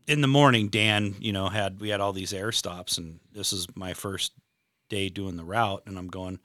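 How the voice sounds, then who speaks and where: A middle-aged man with a lowish voice tells long work stories in a loose, rambling way, stopping and restarting around fillers. The sound is close and dry, with no room around it. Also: steady tone, moderate pace, pushed and bright, no echo. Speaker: retired delivery driver. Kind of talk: casual podcast chat.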